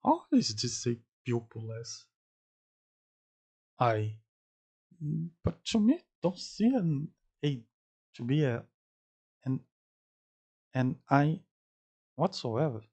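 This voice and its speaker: A man speaking English as a second language, halting and searching for words, repeating words to practice saying them as he reacts to an anime. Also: mid-range voice, big pitch swings, a little mellow, breathy edge. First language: not English. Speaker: anime reaction channel host. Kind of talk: casual theory-crafting reaction.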